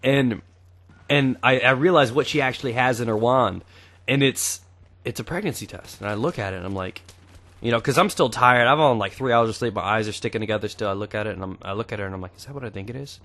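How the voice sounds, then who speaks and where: A man's voice: medium pitch, quick pace, fairly bright tone. A young man in his twenties talking casually over gameplay, chatty and crude, swearing freely. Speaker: gaming YouTuber.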